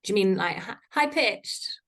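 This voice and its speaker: A woman's voice: expressive, measured pace, fairly bright tone. Chatty woman voice coach. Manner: chatty, playful, varies pitch for effect. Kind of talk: online workshop talk. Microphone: video call.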